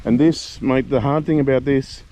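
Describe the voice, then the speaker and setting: A man's voice: medium pitch, moderate pace. A man with an Australian accent giving a casual, conversational walking tour outdoors, calling his listeners "mate" as he goes. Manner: relaxed, conversational, keeps saying "mate". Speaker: travel vlogger. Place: outdoors on a hillside in the rain. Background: rain.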